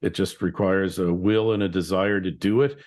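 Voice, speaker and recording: A man with a very low voice hosts a podcast interview. He talks in a loose, musing way, full of fillers. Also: fairly even intonation, normal speed, a little mellow. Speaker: podcast host. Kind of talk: casual interview chat.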